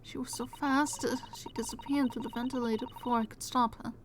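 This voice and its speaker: A woman voicing a timid, nervous young woman with a put-on Russian accent, speaking in a hushed, halting way. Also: a little high, fairly even intonation, noisy background, close to an everyday voice. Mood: anxious. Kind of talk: reading game dialogue aloud in voices.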